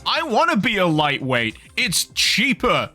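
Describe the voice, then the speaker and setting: Male streamer, bright and slightly high voice, jokey, a bit tipsy, faint game music. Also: wildly swooping pitch, measured pace. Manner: jokey, laughs often, chats with viewers. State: a little tipsy from beer. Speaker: gaming streamer. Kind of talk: casual livestream commentary.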